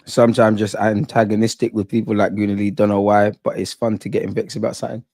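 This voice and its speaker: A man hosting a live football watch-along, chatting in excitable, slangy banter with his viewers. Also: on the low side, fast talker, no echo. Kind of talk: live fan commentary and chat.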